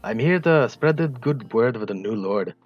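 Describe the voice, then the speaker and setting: A man's voice: a little slow, creaky, no echo, dull audio, soft background music. A man voicing a zealous male preacher who spreads the word of a new lord in a tabletop game. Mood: preaching. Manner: booming sermon-style proclaiming.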